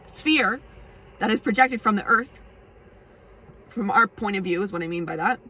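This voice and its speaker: A woman's voice: mid-range voice, bright, forceful tone. Rambling, self-mocking woman astrology vlogger. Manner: rambling, self-mocking, laughs often, swears casually. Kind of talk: casual astrology talk to camera.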